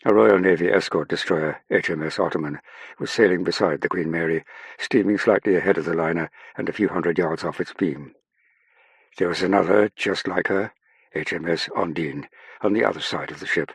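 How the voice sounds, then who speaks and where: A man narrating an audiobook in a measured, even way. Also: deep voice, husky, no echo. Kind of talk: scripted narration.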